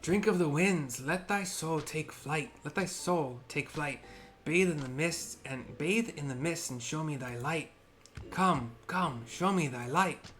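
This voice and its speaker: A man's voice: on the high side, a little slow, fairly bright tone, pitched above the performer's own voice. A man putting on a chanting bird-man healer. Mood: solemn chanting. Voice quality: raised, chanting, ceremonial delivery. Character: solemn male bird-man tribal healer, mystical.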